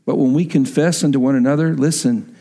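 A middle-aged man preaching a sermon as pastor, telling a story and then dropping into earnest, hushed emphasis. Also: medium pitch, fairly even intonation, a little fast.

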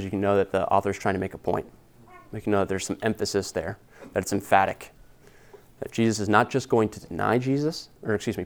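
A man preaching an expository sermon as pastor, earnest and conversational, retelling scripture in casual everyday words. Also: lowish voice. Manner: earnest and conversational, with slangy paraphrase.

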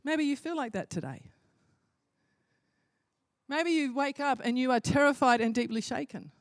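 A woman's voice: high voice, expressive, moderate pace, no echo, studio quality. A woman preaching a sermon in an impassioned way, building to emphatic repeated phrases.

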